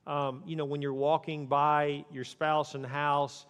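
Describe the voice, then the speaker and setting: A male pastor giving a conversational sermon on marriage. Now and then he goes quiet and soft to act out what a spouse might say. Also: on the high side, little pitch movement, measured pace, smooth, long reverb tail.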